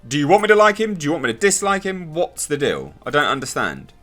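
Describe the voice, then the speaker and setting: Sarcastic man with a lively voice. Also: a little high, fast, soft background music. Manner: sarcastic, exasperated, mocking impressions. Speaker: TV show reviewer. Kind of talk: casual spoken review.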